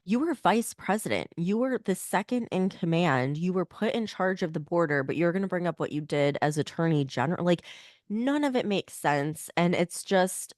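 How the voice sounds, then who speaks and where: A woman co-hosting a podcast talks in a blunt, opinionated way, full of "like" fillers. Her voice is on the lower side and sounds nasal and strained, as if she is unwell. The recording is close and dry, with no room sound. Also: animated, moderate pace, a little mellow, dry recording. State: voice strained from illness. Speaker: podcast co-host. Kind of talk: casual political chat.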